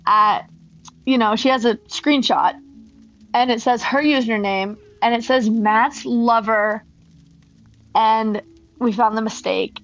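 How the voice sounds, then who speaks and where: A woman hosting a gaming channel, telling a casual story in a rambling, animated way with lots of ums. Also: a little high, dull audio. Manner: rambling, animated retelling with many fillers.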